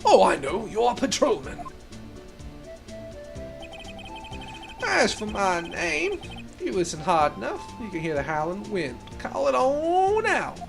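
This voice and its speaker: A woman voicing a swaggering cowboy detective man, drawling folksy lines in a deliberately bad Texan accent. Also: mid-range voice, wildly swooping pitch, gravelly, over music. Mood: boastful. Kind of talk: fan voice-acting of a game.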